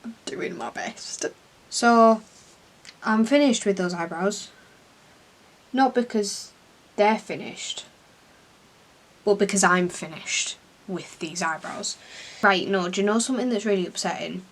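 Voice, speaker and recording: A woman's voice: mid-range voice, a little slow. A young English woman vlogging at home, chatting casually and self-deprecatingly while doing her makeup. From England. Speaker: beauty vlogger.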